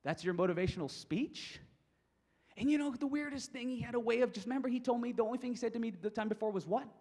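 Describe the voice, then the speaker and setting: High-voiced man telling a motivational story. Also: rapid-fire, big-room sound. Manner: animated storyteller, acting out his own thoughts. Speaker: speaker at a coaches' conference.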